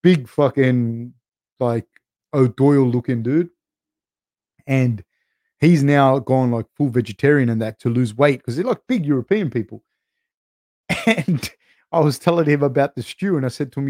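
A young man chats loosely into a close podcast mic, piling up "like" and "dude" as he rambles through stories. His voice sits at an ordinary pitch, and the sound is dry with no room echo. He talks like a relaxed host among friends, swearing now and then. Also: normal speed, pauses often. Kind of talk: casual chat, rambling storytelling.

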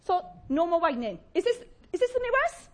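A woman's voice: very high voice, sing-song, brisk. A woman preaching a chatty, humorous sermon, acting out little voices of complainers.

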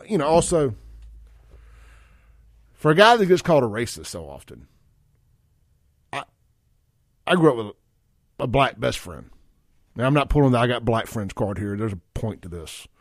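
Man, radio host, folksy and rambling, mid-pitched voice, dry close studio mic. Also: no echo. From Mississippi. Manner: folksy, rambling, frequent restarts. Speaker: radio talk show host. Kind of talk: casual talk radio monologue. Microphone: studio microphone.

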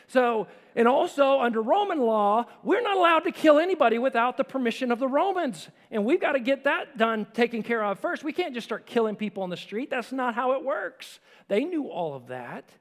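A man preaching a sermon with emphasis, swinging between forceful lines and hushed ones. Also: very high-pitched, big pitch swings, fairly quick, few pauses, big-room sound. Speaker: pastor.

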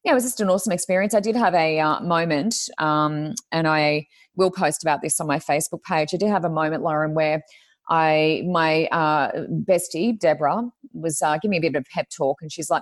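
This Reiki healer and reader, a guest in a relaxed chat, speaks in a low voice at a slightly quick pace. The studio sound is clean with no room tone, and she spins chatty stories, performing other people's lines as she quotes them.

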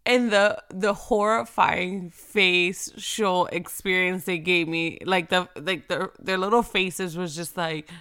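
Woman in her thirties, podcast host, bubbly and rambling, low-ish voice, smooth tone. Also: steady tone, takes it slowly, few pauses, a bit bright. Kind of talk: casual chat. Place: home.

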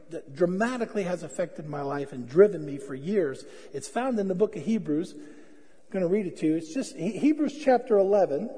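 Male pastor telling stories in a sermon, kinda high voice, big church reverb. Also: mellow, husky. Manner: storytelling, self-deprecating, conversational. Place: church hall.

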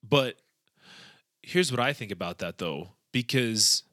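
A man's voice: mid-range voice, lively intonation, a little slow, pushed and bright, dry recording. A man speaking as an addiction counselor in a casual discussion, thoughtful and hesitant with many fillers.

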